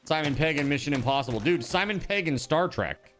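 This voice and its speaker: A man casually chatting to his viewers while he plays a game, animated and rambling, with many fillers and restarts. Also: a little high, brisk, faint music behind. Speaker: streamer.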